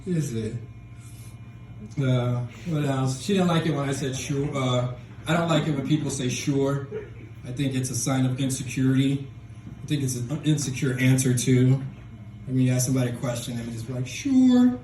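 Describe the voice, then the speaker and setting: A man doing a rambling, deadpan stand-up set on a small club stage into a handheld mic. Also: medium pitch, a little fast, roomy sound, slight background noise, low-quality recording. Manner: deadpan, rambling, self-deprecating. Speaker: stand-up comedian.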